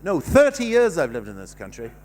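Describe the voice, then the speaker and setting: Fairly high-pitched, a little mellow and fairly quick, this Canadian comedian in his fifties swings his pitch wildly during a rambling, self-mocking club set. He swears freely and lets ideas fade away unfinished.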